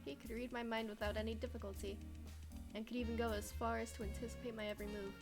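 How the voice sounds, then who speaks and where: A woman voicing an earnest young man who speaks formally and calmly. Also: on the high side, fast talker, natural voice. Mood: reflective. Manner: calm, earnest, formal speech. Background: game music.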